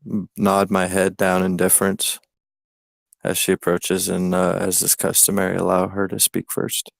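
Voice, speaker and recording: Man tabletop player, deep gravelly voice, dry sound, hesitant casual talk. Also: completely flat delivery, normal speed, dry recording. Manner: thinking aloud, hesitant.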